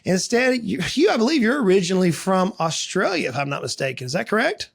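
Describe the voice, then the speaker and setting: A man's voice: high-pitched, very animated, quick pace, vocal fry. A man hosting a podcast interview, folksy and addressing listeners as friends. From South Georgia, US. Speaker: podcast host.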